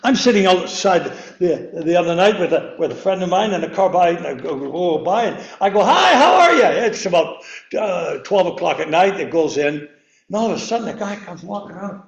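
High-voiced older preacher in echoey chapel. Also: male voice, a little fast, gravelly, a little mellow, muffled recording. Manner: rambling, repeats words, laughs at himself. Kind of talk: sermon. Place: church chapel. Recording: echoey room.

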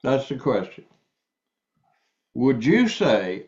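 A man preaching a sermon, reading scripture aloud and explaining it slowly and deliberately, stressing key words. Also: on the high side, lively intonation, dull audio.

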